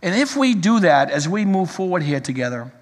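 A man preaching a sermon, telling a long story in an earnest, measured way before turning to the congregation. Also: high voice, sing-song, long reverb tail.

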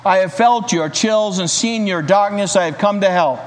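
A man voicing a calm male stranger who brings fire, speaking in a gentle, inviting way. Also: sits high, moderate pace, close to an everyday voice. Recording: reverberant hall, faint hiss.

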